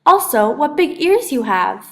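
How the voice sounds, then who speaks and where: A woman voicing a nervous little girl in a read-aloud storybook, speaking a little higher and louder than her narration. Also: very animated, measured pace, full character voice. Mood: eager. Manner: raised, eager, slightly higher voice.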